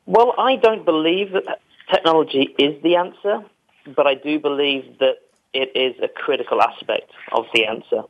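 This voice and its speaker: A man speaking as a guest on a radio panel, measured and polite, pausing with fillers. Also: on the high side, phone-quality sound. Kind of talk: casual radio chat.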